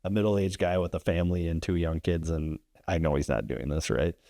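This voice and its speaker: A man's voice: low-pitched, a little fast, creaky, mellow, no echo, clean studio sound. A man, a landlord and investor guest, telling a story in casual podcast chat, rambling and tagging sentences with "right?".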